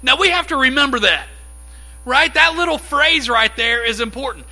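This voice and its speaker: Brief: male pastor, high and bright voice, lively conversational sermon delivery. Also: normal speed, rough recording. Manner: conversational, animated preaching with acted-out quotes.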